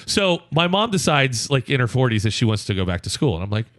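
A man co-hosting a comedy podcast, spinning an animated personal story and breaking into laughter as he tells it. His voice sits at a middle pitch. It is recorded close and dry. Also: fast, no echo. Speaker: podcast co-host.

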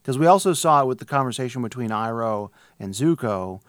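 A man chatting casually as a podcast co-host, working his way through a thought with plenty of fillers and false starts. His voice is mid-pitched and sounds close and dry, with no room around it. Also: expressive, brisk, no echo. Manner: rambling, with frequent fillers and restarts. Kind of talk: casual chat.

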